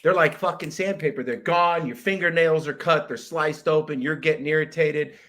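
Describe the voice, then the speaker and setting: A young man hosting his own podcast, with a bright, forceful voice pitched a bit high. He rants in an exasperated, profane comic monologue, now and then bursting into loud shouted impressions. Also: normal speed. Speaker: podcast host. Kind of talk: comedic monologue rant.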